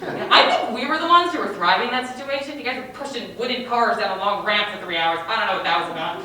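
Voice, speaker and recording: A young woman telling a stand-up story on a small theater stage, animated and giggly. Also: mid-range voice, fast, noisy background. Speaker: comedian. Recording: echoey stage from far off.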